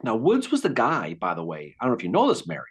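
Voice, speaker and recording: Husky guy telling war history, voice jumps all over, super animated. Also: medium pitch, fast talker. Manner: animated, acts out quotes. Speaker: podcast host. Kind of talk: casual history storytelling.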